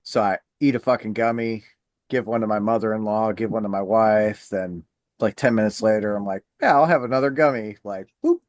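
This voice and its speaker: A man's voice: on the low side, a little fast, dry recording, clean studio sound. A middle-aged man hosting a podcast, telling a funny story in casual chat, swearing freely and acting out the voices of people he quotes. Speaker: podcast host.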